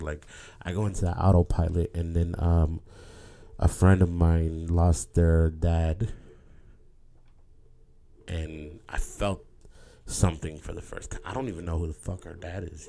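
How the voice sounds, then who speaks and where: A man's voice: low voice, gravelly, mellow. A man talking candidly to his viewers in a rambling, emotional way, repeating words and swearing casually. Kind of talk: candid personal monologue.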